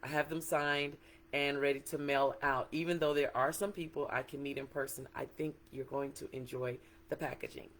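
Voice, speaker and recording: A chatty, excited woman talks to viewers in a casual livestream. She is middle-aged and speaks as an author, greeting people by name as they join. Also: extremely low pitch, moderate pace. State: a little emotional. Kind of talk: casual livestream book talk.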